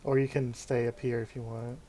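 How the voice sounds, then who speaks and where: A man's voice: medium pitch, flat delivery, a little fast, warm tone, a little hiss or hum. A man running a tabletop game as game master, giving brief matter-of-fact rulings.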